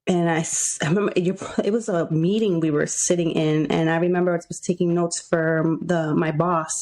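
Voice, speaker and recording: A woman with a somewhat low-pitched voice co-hosts a casual podcast. She tells her story in a loose, rambling way. She laughs often and acts out quotes. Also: steady tone, brisk, darkish tone. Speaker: podcast co-host.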